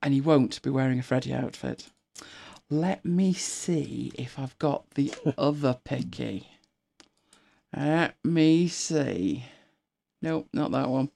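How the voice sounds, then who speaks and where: A woman's voice: extremely low pitch, takes it slowly, gravelly, dark tone. A middle-aged woman hosting a casual live stream, chatting and laughing with viewers and greeting them by name.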